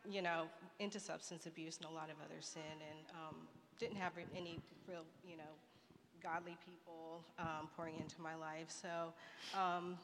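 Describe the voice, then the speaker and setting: A woman's voice: low-pitched, little pitch movement, moderate pace, a bit bright. A woman sharing her personal testimony at church, speaking with many fillers and light nervous laughs. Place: church sanctuary. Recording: echoey church hall with faint noise.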